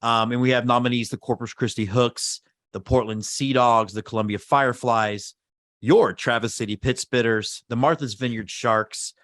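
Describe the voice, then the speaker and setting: A man co-hosts a podcast in a relaxed, chatty way. His voice sits at a middle pitch and sounds dry and close to the mic. He laughs easily and reads lists of nominees. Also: moderate pace, no echo. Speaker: podcast co-host. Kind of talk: casual chat.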